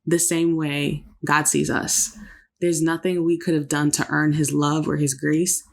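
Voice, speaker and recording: Woman co-host, warm storytelling tone, reflective and sincere, casual podcast chat. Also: low voice, little pitch movement, measured pace, gravelly. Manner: reflective, faith-filled storytelling.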